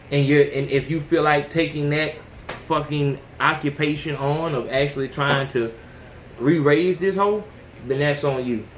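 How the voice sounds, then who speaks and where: Blunt, foul-mouthed male podcast host. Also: on the high side. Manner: blunt and heavily profane, often says "you know what I'm saying". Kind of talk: casual opinionated podcast monologue. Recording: echoey room with faint noise.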